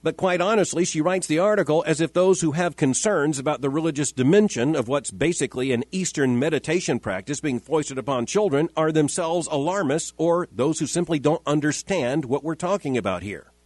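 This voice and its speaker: A man hosting a podcast, giving measured, emphatic scripted commentary that quotes and rebuts with repetition. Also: on the high side, animated, a little mellow, no room sound. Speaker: host of a daily commentary podcast.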